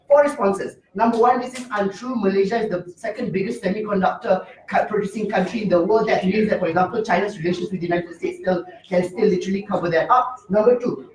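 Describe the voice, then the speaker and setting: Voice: mid-range voice, a little mellow, recorded from a distance. A young adult competitive debater giving an emphatic speech, rattling off numbered points and rebuttals. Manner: emphatic, heavy signposting, rapid rebuttals. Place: debate room. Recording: roomy echo, mic from afar.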